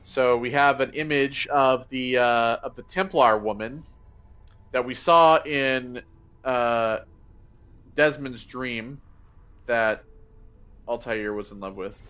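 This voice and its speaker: A man's voice: mid-range voice, takes it slowly, pauses often, fairly bright tone, smooth. A man reading in-game text aloud during a let's play, earnest but stumbling and restarting now and then. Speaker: gameplay video host.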